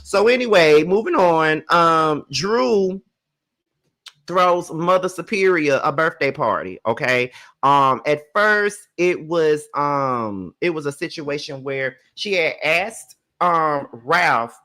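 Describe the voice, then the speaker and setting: Bright-voiced man doing chatty recaps. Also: fairly high pitch, slow pace. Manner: chatty and profane, with many fillers; animated, swings between loud outbursts and quiet asides. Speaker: TV show reviewer. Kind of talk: casual recap commentary.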